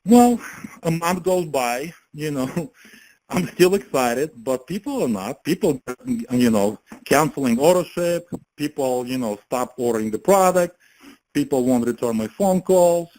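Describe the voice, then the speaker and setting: A man giving a casual motivational pitch as a network marketing promoter, chatty, laughing often and filling his talk with "you know" and "right?". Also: expressive, measured pace, darkish tone, poor audio. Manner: chatty, laughs often, many fillers and tag questions.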